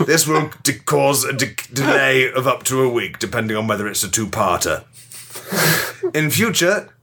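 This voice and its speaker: Man voicing a pompous know-it-all golf expert, bright and animated, rambles and swears. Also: fairly high pitch. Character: blustering self-styled male golf expert. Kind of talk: improvised comedy character.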